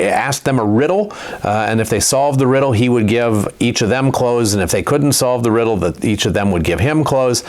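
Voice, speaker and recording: Casting note: male Sunday school teacher, mid-range voice, lively informal storytelling for kids, quick restarts. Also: medium pitch. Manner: casual, animated storyteller with many restarts. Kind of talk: storytelling Bible lesson for children.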